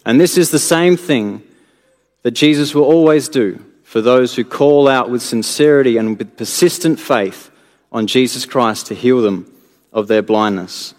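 A man preaching a sermon in an earnest way, building to emphatic peaks and then dropping low and soft. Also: unhurried. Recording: long hall reverb.

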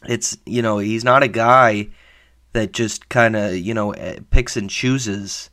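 Male podcast host with a lower voice, slightly hoarse; loose, filler-heavy fan commentary. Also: fairly even intonation, slow pace, bright, forceful tone. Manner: rambling, with many fillers and self-corrections; enthusiastic about his team. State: slightly hoarse from a sore throat. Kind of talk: casual sports reaction podcast.

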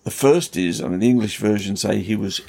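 Gravelly, husky-voiced man teaching earnestly. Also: lowish voice, fairly quick, warm tone. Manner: earnest, emphatic storytelling with rising intensity. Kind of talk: conversational Bible teaching.

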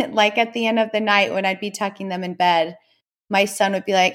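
A woman, a mother hosting a podcast, speaking in a warm, conversational way. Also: medium pitch, level tone, moderate pace. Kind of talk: casual podcast interview.

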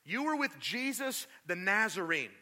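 A man's voice: high voice, big pitch swings, unhurried, sharp tone, pitched above the performer's own voice, exaggerated voice. A man voicing a young servant girl who points someone out and accuses him. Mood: accusing.

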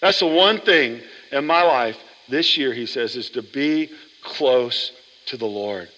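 A man pastor preaching a sermon in a church, animated and chatty, often asking the congregation questions. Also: medium pitch, slow, in a large hall, poor audio. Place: church sanctuary.

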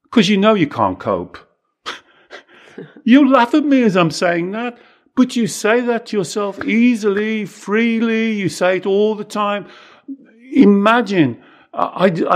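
Guy with a gravelly voice, therapist type, gets really emphatic. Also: high voice. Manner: animated, rising to emphatic exhortation. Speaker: therapist and podcast co-host. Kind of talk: conversational coaching talk.

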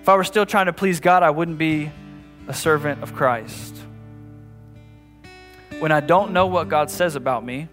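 A man's voice: fairly high pitch, a little slow, pauses often, faint music behind. A man preaching a sermon as a pastor in a conversational way, often restarting and repeating phrases, building to emphatic passages. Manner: rises to emphatic, louder passages.

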